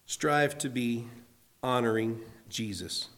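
A man preaching in an earnest, conversational way, telling a personal story and slowing down to stress a point. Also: medium pitch, a bit bright. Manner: earnest, conversational, slows for emphasis. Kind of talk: sermon storytelling.

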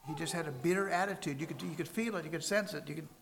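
A man preaching a sermon and telling stories emphatically, with sudden loud stresses and soft drops. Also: fairly high pitch, rapid-fire, crowd noise.

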